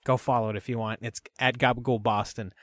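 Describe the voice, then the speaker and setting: A man's voice: medium pitch, level tone, fast, a bit bright, no echo, clean studio sound. A man co-hosting a casual podcast, chatting loosely with plenty of fillers and frequent laughs. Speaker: podcast co-host. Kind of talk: casual chat.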